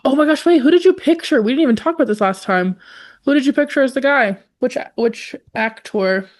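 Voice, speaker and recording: A woman's voice: sits high, animated, brisk. A young woman co-hosting a podcast, chatting casually about a book with lots of laughs and fillers. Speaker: podcast co-host.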